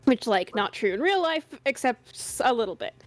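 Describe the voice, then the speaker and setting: A woman's voice: on the high side, big pitch swings, normal speed, soft background music. A woman enthusiastically explaining a game's legal system in casual chat, with many restarts and fillers. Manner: enthusiastic, rambling nerdy explanation. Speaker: regular cast member.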